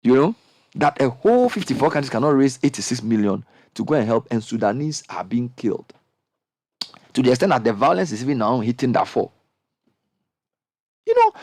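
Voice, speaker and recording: There's no echo as this middle-aged radio show host with a Ghanaian accent guides a panel discussion. His energy is impassioned and animated, reaching up into high exclamations.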